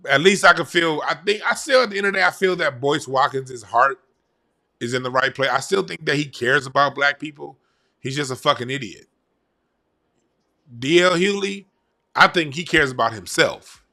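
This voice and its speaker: A man's voice: a little high, normal speed, pushed and bright. A man giving blunt, profane, rambling commentary on a casual vlog. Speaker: YouTube commentator.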